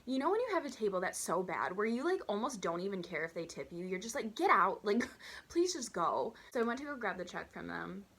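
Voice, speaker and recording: A woman in her twenties telling a storytime vlog, chatty and animated, acting out customers and her own waitress voice. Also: medium pitch, fast, hardly any pauses. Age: 20s. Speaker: vlogger.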